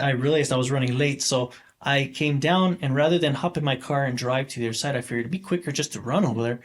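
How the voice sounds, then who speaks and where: Forty-something guy rambling thru a story on a podcast, lots of uhs and restarts, regular mid voice. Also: medium pitch. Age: 40s. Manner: rambling, halting, many fillers and restarts. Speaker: podcast guest. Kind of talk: casual storytelling interview.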